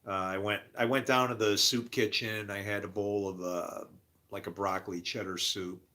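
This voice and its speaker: A man's voice: on the low side, flat delivery, moderate pace, sharp tone. A middle-aged man rambling grumpily about faith and his day, preaching and laughing at himself. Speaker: vlogger. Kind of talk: rambling monologue.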